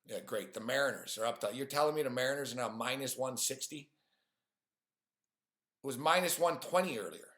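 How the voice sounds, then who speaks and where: A man's voice: mid-range voice, a little fast, pauses often, a bit bright. A man ranting on a live stream about sports games and his bets, swearing often and sounding frustrated. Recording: echoey room.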